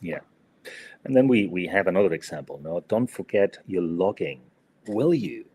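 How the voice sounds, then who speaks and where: A man's voice: low-pitched, lively intonation, moderate pace, darkish tone, a little hiss or hum. A man co-hosting a podcast English lesson, hesitant and full of fillers, often adding "no?" to his sentences. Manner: hesitant, many fillers and tag "no?". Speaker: co-host and English teacher.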